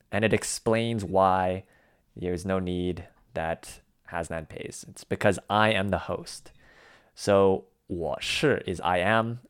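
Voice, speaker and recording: A man explaining the lines of a dialogue in a measured, methodical way. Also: low-pitched, clear, resonant tone. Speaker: language teacher.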